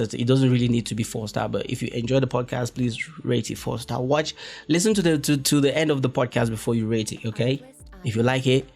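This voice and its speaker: A man's voice: mid-range voice, vocal fry, darkish tone. A young man hosts a casual solo podcast, rambling and correcting himself as he goes. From West Africa. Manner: rambling, self-correcting, joking, exclaims in quoted reactions. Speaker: podcast host.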